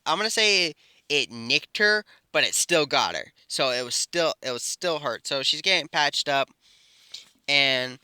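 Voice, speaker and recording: A man's voice: a little high, sharp tone, clear, resonant tone, no room sound, clean studio sound. A man improvising a fan story aloud, rambling with fillers and self-corrections.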